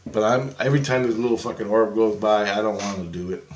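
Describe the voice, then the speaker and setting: A low-pitched man talks through a loose, profane monologue for his vlog, circling back to repeat himself. The room around him rings with echo, and a faint hum of ambience sits underneath. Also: fast talker. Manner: profane, repeats phrases, acts out his own quotes. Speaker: paranormal vlogger. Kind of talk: casual rambling monologue.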